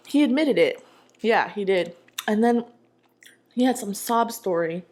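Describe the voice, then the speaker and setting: A young woman tells a story in a casual eating vlog. She talks in an animated, sassy and slangy way, with a voice in the middle of the usual pitch. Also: measured pace, pauses often. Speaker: mukbang vlogger.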